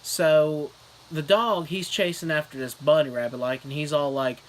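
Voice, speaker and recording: A man's voice: on the high side, normal speed. A young man doing a comedic fake book review, rambling through an absurd plot with lots of fillers. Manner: rambling deadpan storytelling with fillers.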